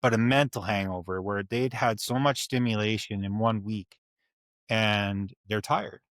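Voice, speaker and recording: A man in his forties chats on a podcast with a low voice. He talks candidly and rambles, swearing freely. The sound is dry and close. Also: fairly even intonation, measured pace, a bit bright, no echo. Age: 40s. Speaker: podcast co-host. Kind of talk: casual chat.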